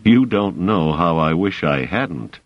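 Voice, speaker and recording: A man's voice: sits low, lively intonation, slow pace, dry recording, highs cut off. A man voicing a brusque male mathematician with a dry, impatient way of talking.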